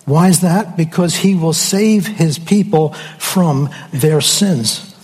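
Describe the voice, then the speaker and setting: Slow, emphatic preacher with husky voice. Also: male voice, a little high, darkish tone, long reverb tail. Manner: slow, emphatic, dramatic pauses. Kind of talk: sermon.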